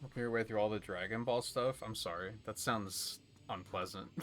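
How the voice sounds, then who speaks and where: A man's voice: fairly low pitch, moderate pace, fairly bright tone. A young man streaming a video game, chatting casually with viewers in a rambling, exasperated way. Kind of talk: casual gaming stream chat.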